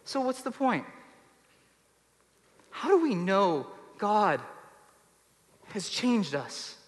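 High-voiced preacher man in a reverberant hall. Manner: emphatic, swings from loud to soft. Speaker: pastor. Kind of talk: sermon.

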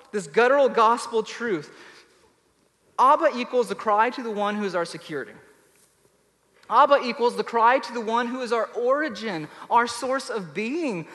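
High-voiced preacher man in a reverberant hall. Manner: emphatic, swings from loud to soft. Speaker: pastor. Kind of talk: sermon.

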